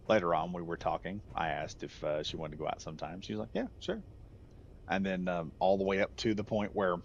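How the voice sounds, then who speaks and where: A low-voiced man telling a rambling story, his pitch swinging widely as he goes. He often corrects himself and laughs at his own jokes. The recording is slightly muffled, with a faint hiss behind him. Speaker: gaming channel host. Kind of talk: casual storytelling.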